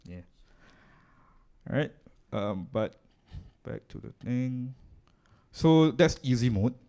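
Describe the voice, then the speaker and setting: A man's voice: mid-range voice, lively intonation, slow pace, mellow. A man with a Singaporean English accent presents a live audio workshop, explaining gear in a casual, chatty way while chewing gum. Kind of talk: live technical demonstration. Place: live event room.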